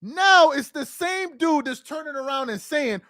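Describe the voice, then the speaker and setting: Ranting reaction host, incredulous and loud, high lively voice, dry sound. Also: male voice, a little slow, hardly any pauses, no room sound. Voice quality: exasperated, incredulous, loud outbursts. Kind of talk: ranting commentary over a played clip.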